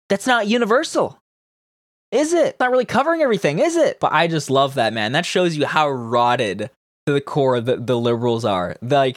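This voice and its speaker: A man's voice: mid-range voice, no echo, studio quality. A man hosting casual political commentary from Canada, reading news quotes aloud and mocking them with profane, sarcastic outbursts.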